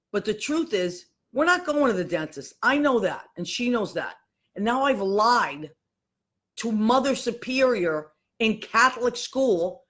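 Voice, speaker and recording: A woman tells a family story on her podcast. She talks casually and with animation, and acts out the voices of the people in it. Her voice sits at a middle pitch. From Boston, USA. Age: 50s. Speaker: podcast host.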